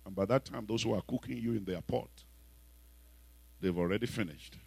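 A man with a Nigerian accent preaching a sermon, telling stories and breaking into sudden loud exhortations. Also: on the low side, moderate pace, creaky, husky, dry recording, low-quality recording.

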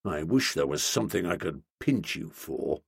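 A surly, menacing young policeman, blunt and brooding, growling out his grudges in an audiobook, as a man puts him on. The voice sits low and a little husky, recorded close and dry. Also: big pitch swings, measured pace, dry recording, full character voice. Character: gruff young male policeman, resentful and menacing. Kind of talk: audiobook character voice.

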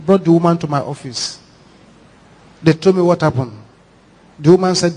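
Husky high-voiced Nigerian preacher. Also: male voice, moderate pace. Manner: animated, repetitive, dramatic. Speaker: pastor. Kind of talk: sermon with acted storytelling. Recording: echoey hall reverb.

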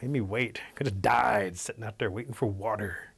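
A man's voice: lowish voice, steady tone, moderate pace, gravelly, a bit bright, breathy edge, heavily acted. A man doing an eager little rabbit trickster. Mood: scheming. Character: thirsty mischievous male rabbit trickster. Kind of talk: oral storytelling.

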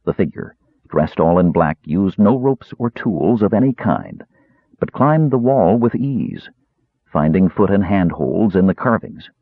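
A man narrating an audiobook with expressive storytelling. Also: low-pitched, measured pace, slightly rough, dry recording. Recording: tinny lo-fi narrow band.

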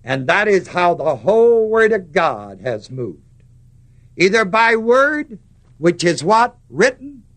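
A man preaching a sermon, stressing words slowly and putting questions to the congregation. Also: sits high.

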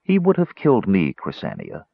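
A man's voice: low-pitched, wildly swooping pitch, moderate pace, vocal fry, husky, no room sound, heavily acted. A man reading as a mocking young mage. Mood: cold. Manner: soft, mocking. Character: cynical young male mage, mocking and cold. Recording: slightly muffled audio.

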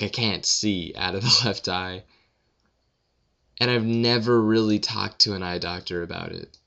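A young man answers viewer questions in a loose, rambling vlog, sounding tired and unbothered. His voice sits low with a gravelly fry, yet it keeps a bright edge. The recording is dull and lo-fi. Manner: rambling, offhand, swears and yawns, tired. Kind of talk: casual Q&A vlog.

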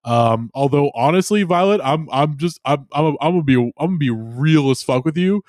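A man co-hosting a podcast in casual chat, animated and laughing often, with frequent restarts. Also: fairly high pitch, moderate pace, no room sound, clean studio sound. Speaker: podcast co-host.

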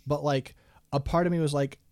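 Podcast cohost dude, dry sound, jumping in with chatty takes. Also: male voice, fairly high pitch, fairly even intonation, fairly quick, darkish tone, dry recording. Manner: chatty, interjecting, laughs often. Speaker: podcast co-host. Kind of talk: casual chat about anime.

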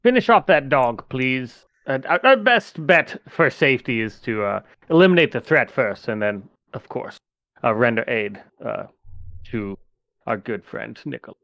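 A man voicing a calm, practical adventuring woman. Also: medium pitch, no room sound. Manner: polite, measured orders.

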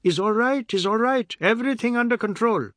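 A man reading an audiobook and voicing an excitable grown man who shouts in broken, clipped phrasing. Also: very high-pitched, a little fast, no echo, voice pushed up. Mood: shouting boisterously. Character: excitable, boisterous grown man calling out loudly.

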